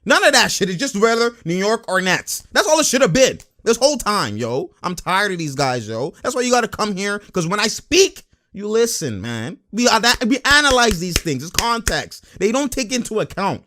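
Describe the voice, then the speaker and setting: A man rants to camera about basketball, emphatic and slangy, firing off rhetorical questions. His voice sits high and leaps around with animated swings. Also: moderate pace, hardly any pauses. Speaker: sports commentary vlogger. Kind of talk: casual basketball rant to camera.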